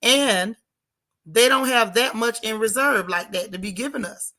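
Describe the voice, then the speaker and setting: A woman hosting a livestream from her car, giving sassy, animated commentary and reading viewer chat aloud. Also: on the high side, a little slow. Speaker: livestream host. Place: in a car while driving.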